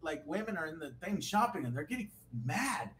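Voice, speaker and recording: A man's voice: on the high side, a little fast, slight background noise. A man from Texas, a guest on a casual livestream, telling stories with energy and acting out what people said. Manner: animated storyteller who acts out quotes.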